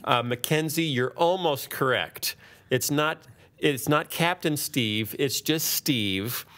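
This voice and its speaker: A man's voice: medium pitch, fairly bright tone. A man hosting a podcast, chatting in a playful, joking way. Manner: playful, jokey, quick to riff. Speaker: podcast host. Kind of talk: casual chat.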